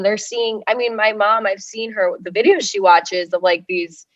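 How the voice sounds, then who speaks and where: Here a twentysomething comedian from Russia rambles through a relaxed podcast interview, leaning heavily on fillers. Her voice is mid-range and steady, moving at a moderate pace over a flat, dry, lo-fi recording.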